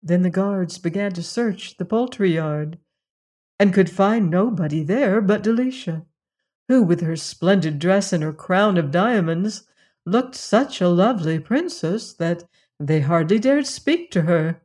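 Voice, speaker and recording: A woman narrating a fairy tale in a measured, expressive reading. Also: on the low side. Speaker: storyteller.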